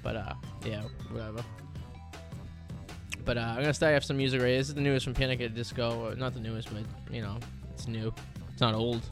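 A man's voice: mid-range voice, fairly even intonation, fast talker. A young man hosting a college radio show, talking casually and rambling with lots of fillers. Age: young adult. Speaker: radio DJ host. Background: faint music.

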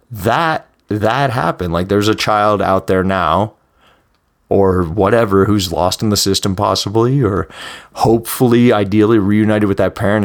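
A young man talking through personal stories in a casual, candid monologue, rambling with many fillers and some swearing. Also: fairly low pitch. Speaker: podcast host. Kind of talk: first-person storytelling monologue.

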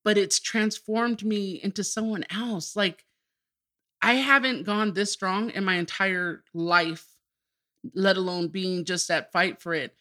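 A middle-aged woman appears as a podcast guest, sharing her personal story openly and emotionally and breaking into bursts of laughter. She speaks slowly at medium pitch with fairly even intonation and a bright, forceful tone.

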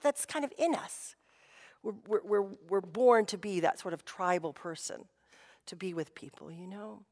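A woman pastor giving a sermon in a conversational storytelling way, often saying "you know". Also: on the high side. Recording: long reverb of a hall.

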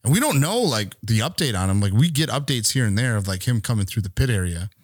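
A man's voice: on the low side, expressive, fast, dry recording, studio quality. A man on a podcast telling a long story in casual chat, rambling and swearing freely as he acts out what people said. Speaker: podcast co-host.

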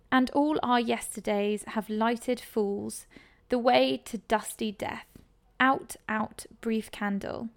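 A woman giving a measured dramatic reading as a doomed, weary king struck by grief. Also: a little high.

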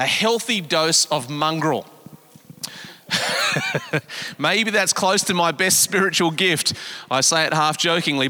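A middle-aged man preaches to his church, his tone bright and sharp with a touch of height. He swings between hushed asides and raised, emphatic lines. Long reverb trails his words through a large auditorium. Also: fairly high pitch. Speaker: pastor. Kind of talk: sermon.

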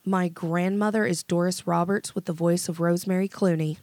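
A woman's voice: on the low side, fairly even intonation, normal speed, darkish tone, dry recording. A woman in her thirties co-hosting a podcast in casual chat, chatty and giggly, swearing freely. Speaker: podcast co-host.

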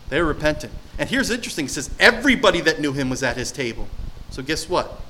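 A man delivering a sermon in a fairly high, bright voice, reading scripture with dramatic swings between loud passages and hushed ones. He talks to his listeners conversationally and keeps asking them questions. A faint hum of ambience sits behind him. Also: expressive, fast, few pauses, poor audio. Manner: emphatic, dramatic scripture reading with sudden loud and quiet turns; conversational, asks the audience questions. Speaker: preacher.

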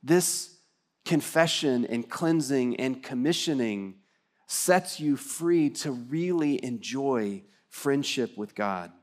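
A man's voice: medium pitch, lively intonation, slow. Earnest man preaching a sermon. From Texas. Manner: earnest, conversational preaching with rhetorical questions. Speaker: pastor. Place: church, livestream service.

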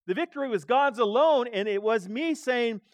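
A man preaching a sermon as pastor, animated, with dramatic swings between quiet asides and loud emphatic lines. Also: extremely high pitch, moderate pace, dry recording.

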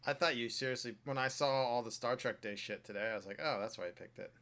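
A man's voice: mid-range voice, quick pace, a bit bright, a little hiss or hum. A man co-hosting a casual podcast, reading old newspaper ads aloud and joking about them. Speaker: podcast co-host. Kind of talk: casual chat.

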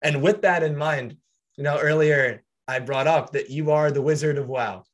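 A man's voice: a little high, fairly even intonation, moderate pace. A man hosting a podcast, speaking earnestly and reflectively while setting up long questions. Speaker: podcast host. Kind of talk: casual interview.

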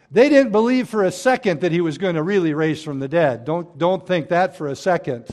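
A man delivering a sermon in a fairly high voice. He preaches emphatically, pushing key phrases out loudly and then sinking into soft, hushed lines. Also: normal speed, few pauses. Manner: emphatic preaching, swinging between loud stresses and hushed drops. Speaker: pastor.

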